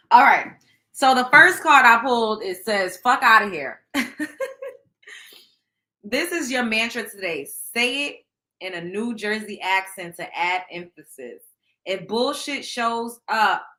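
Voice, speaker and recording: A woman with a higher-pitched voice hosts a show, chatting casually with her viewers as she reads tarot cards aloud. She's loud, animated and profane.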